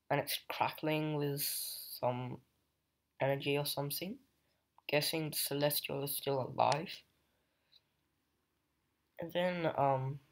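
A young adult comic book reviewer giving a casual, hesitant plot recap full of fillers. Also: mid-range voice. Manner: hesitant, many fillers and "just like".

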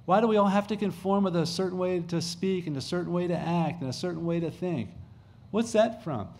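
A man's voice: sits high, brisk, vocal fry, darkish tone, a little hiss or hum. A middle-aged man, a pastor, preaching a sermon in a conversational way, repeating phrases for emphasis and restarting sentences.

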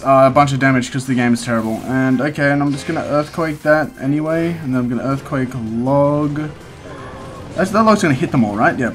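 Young man, gameplay commentary, self-talk, quick to frustration, faint background music. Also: mid-range voice. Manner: talks to himself while playing, quick swings into frustrated outbursts. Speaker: gaming content creator.

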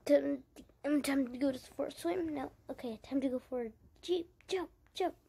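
A woman's voice: high voice, moderate pace, vocal fry, warm tone. A woman giving casual let's-play commentary, narrating her own moves and chatting to her viewers. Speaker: gaming channel creator.

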